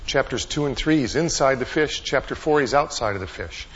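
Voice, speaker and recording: A man's voice: medium pitch, a little fast, a bit bright, slightly rough. A man preaching a conversational Bible lesson, reading passages aloud and asking his listeners rhetorical questions. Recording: dull lo-fi recording.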